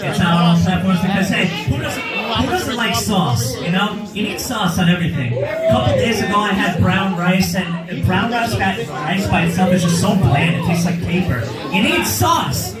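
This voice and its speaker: Man, high voice, hyped stage banter, from New Jersey, loud music behind. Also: very animated, normal speed. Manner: playful, hyped, shouts to the crowd. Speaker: rapper performing live. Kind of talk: on-stage talk to a crowd. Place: live music venue. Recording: echoey hall from far off. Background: loud music and crowd.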